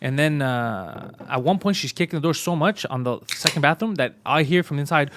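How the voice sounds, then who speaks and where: A man co-hosting a comedy podcast, telling a story in a rapid, profane way and acting out the people in it. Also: a little high, lively intonation, a bit bright. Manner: rapid, profane, acts out the people in his stories. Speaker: podcast co-host.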